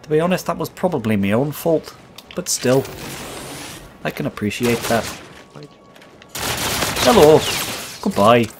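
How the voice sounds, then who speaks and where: As host, he slips into a crude, taunting gamer persona, firing off foul-mouthed, brash trash talk during gameplay commentary in an accent he admits is fake. His mid-range voice has lively intonation and a measured pace, pausing often. The background is noisy.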